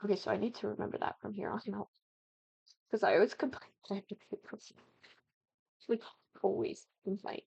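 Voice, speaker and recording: Chatty young woman with a gravelly edge. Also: mid-range voice, fairly quick, long pauses, no echo, lo-fi sound. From American Midwest. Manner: chatty and animated, with excited exclamations. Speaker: game builder streaming a house build. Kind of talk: casual gaming commentary.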